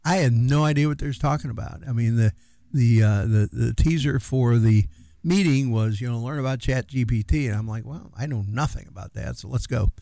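A man's voice: medium pitch, fairly quick, gravelly, warm tone, no echo. A middle-aged man co-hosting a radio show in loose, rambling casual chat with many fillers. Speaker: radio co-host.

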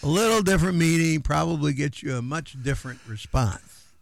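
A man's voice: fairly high pitch, a little fast, creaky, no echo. A man co-hosting a casual radio chat, rambling with fillers and restarts. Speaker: radio co-host.

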